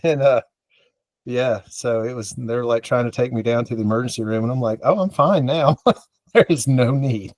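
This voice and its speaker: A man raised in the American South spins a rambling, self-mocking story on a podcast, putting on the voices of the people in it. His voice sits at a middling pitch. It sounds dry and close, with no room around it. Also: steady tone, moderate pace, a little mellow, no room sound. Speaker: podcast co-host. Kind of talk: casual storytelling chat.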